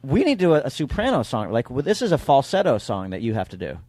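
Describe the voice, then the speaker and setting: A man guests on a comedy podcast and teases the host in a playful way. He speaks at a middle pitch, and the recording is dry and close. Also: wildly swooping pitch, quick pace, a little mellow, no room sound. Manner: teasing, playful. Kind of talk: casual comedic chat.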